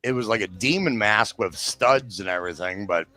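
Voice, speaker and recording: A man's voice: on the low side, normal speed, pushed and bright. A man on a live show, chatting casually and telling a rambling, profanity-heavy story. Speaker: show regular. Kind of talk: casual live-stream chat.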